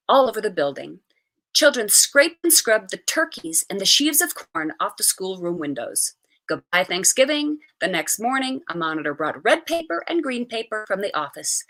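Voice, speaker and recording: Lady reading a story out loud, super lively, bright voice. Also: mid-range voice. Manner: expressive, animated reading. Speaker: reader. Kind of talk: reading a short story aloud.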